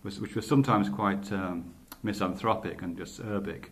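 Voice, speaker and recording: A man's voice: low-pitched, normal speed, fairly bright tone. A man talking in a loose, casual monologue, often stopping to correct himself and swearing casually. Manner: rambling, stops to correct himself. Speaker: podcaster.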